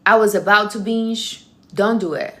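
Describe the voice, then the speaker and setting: A woman's voice: mid-range voice, moderate pace, fairly bright tone. A woman hosting a casual live stream, giving blunt, teasing advice in non-native English phrasing. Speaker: livestream host.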